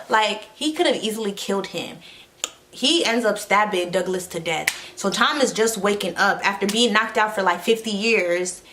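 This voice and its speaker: Woman vlogger, casual comedy recap, slangy and rambling, mid pitch. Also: fairly bright tone. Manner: slangy, rambling, with sound effects and fillers.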